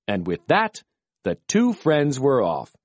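Slow, very expressive male storyteller. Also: medium pitch, no echo. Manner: slow, gentle and very expressive reading. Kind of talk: children's storybook narration.

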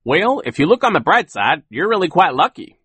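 Brief: upbeat optimistic mill worker voiced by a man, lifted higher than his reading voice. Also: very animated, fairly quick, pushed and bright, slightly rough, no echo, heavily acted. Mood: cheerful. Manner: upbeat, hopeful.

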